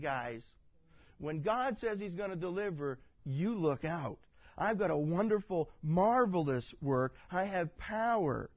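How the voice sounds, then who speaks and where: A man's voice: high-pitched, expressive, a little slow. A man preaching a sermon as pastor, reading scripture dramatically and with great animation. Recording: dull, dry audio.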